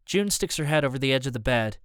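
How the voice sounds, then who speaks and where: A man giving first-person scripted audiobook narration in an even, measured way. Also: mid-range voice, smooth, dry recording, clean studio sound.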